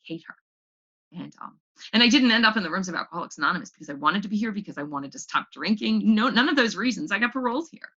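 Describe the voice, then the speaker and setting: A woman's voice: mid-range voice, expressive, fast, a bit bright, breathy edge. A young adult woman speaking at a recovery meeting, sharing her story in a candid, raw way and repeating words when she gets emotional. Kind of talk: personal recovery testimony. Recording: dull lo-fi recording.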